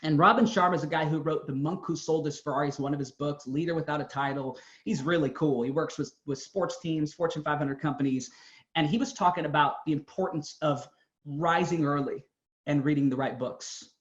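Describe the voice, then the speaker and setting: A man's voice: on the high side, fairly even intonation, brisk, echoey room. Earnest motivational speaker, a man. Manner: earnest, storytelling, emphatic. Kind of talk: motivational talk. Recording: dull lo-fi sound.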